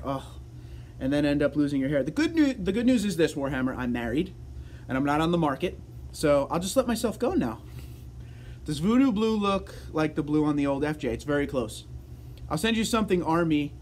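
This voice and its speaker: A chatty man hosting a casual livestream, reading out viewer comments and answering them one by one. His voice sits a little high, and he talks easily and jokes often. Faint background noise sits under the voice. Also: darkish tone. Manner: chatty, joking, easygoing. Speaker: livestream host.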